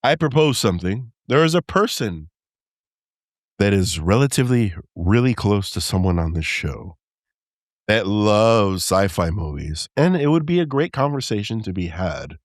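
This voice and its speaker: A man co-hosting a relaxed podcast chat, his pitch sitting on the low side but bouncing around a lot as he talks. He keeps a playful, joking manner. The sound is close and dry, with no room around it. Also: no echo. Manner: playful, joking, quick to laugh. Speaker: podcast co-host.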